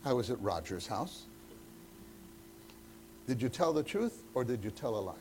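A man's voice: mid-range voice, sing-song, normal speed, a little mellow, a little hiss or hum. A man leading a church teacher-training meeting, talking conversationally and acting out bits of dialogue. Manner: conversational, acts out quoted dialogue.

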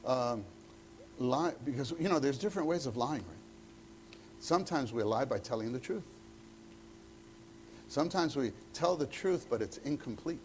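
A man's voice: mid-range voice, lively intonation, measured pace, pauses often, a little mellow, a little hiss or hum. A man leading a church teacher-training meeting, talking conversationally and acting out bits of dialogue. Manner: conversational, acts out quoted dialogue.

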